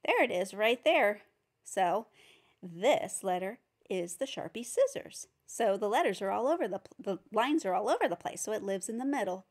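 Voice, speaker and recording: A woman's voice: mid-range voice, very animated, moderate pace. A woman giving a phonics lesson for teachers and parents, patiently sounding out each letter. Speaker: reading teacher.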